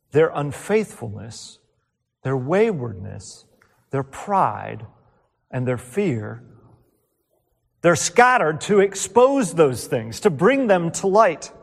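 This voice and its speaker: Male preacher mid-sermon, earnest and questioning, higher voice in a reverberant hall. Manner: earnest, rhetorical questions, drops soft on key words.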